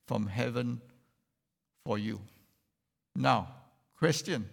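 Slow gravelly preacher in a reverberant hall. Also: male voice, mid-range voice. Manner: animated, asks the congregation questions. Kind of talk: sermon.

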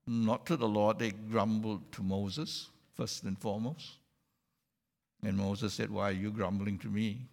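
A preacher with a medium-pitched, gravelly voice gives a sermon at an unhurried pace, posing questions to the congregation along the way. A long hall reverb surrounds the sound.

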